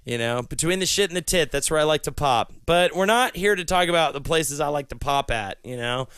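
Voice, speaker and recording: A man delivering a rambling, profane comedy monologue, a podcast co-host who swings from low mutters to shouted rhyming rants. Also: brisk, no room sound. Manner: crude, profane stream-of-consciousness ranting; drops low and gravelly, then shouts and chants in rhymes.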